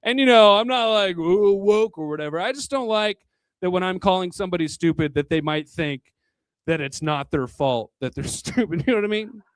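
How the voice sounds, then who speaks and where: A man's voice: high voice, expressive, brisk, clean tone, dry recording. A man doing a crude, rambling stand-up comedy set at a live venue, chuckling between jokes into a handheld stage mic.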